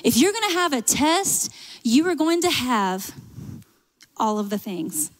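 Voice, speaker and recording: A woman pastor with a Southern accent, preaching a sermon in an animated way, full of humorous asides. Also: high voice, measured pace, long reverb tail. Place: church sanctuary.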